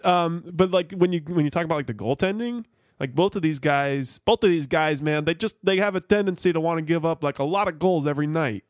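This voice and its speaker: A man's voice: a little high, a little fast, dry recording, clean studio sound. A man co-hosting a podcast in casual chat, loose and rambling, with plenty of swearing. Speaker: podcast co-host.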